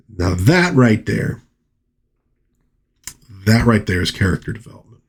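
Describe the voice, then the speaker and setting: Man, comic book reviewer, casual commentary, low voice, husky, chatty asides. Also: lively intonation, a little slow, pauses often. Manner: chatty asides, reads panel dialogue aloud.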